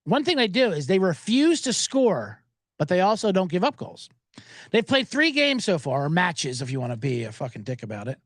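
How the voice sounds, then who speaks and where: A sports betting podcast host speaks at normal speed, his voice sitting high with big pitch swings, in a clean, dry studio recording. He rambles casually, cracking jokes, cursing, and wandering into asides.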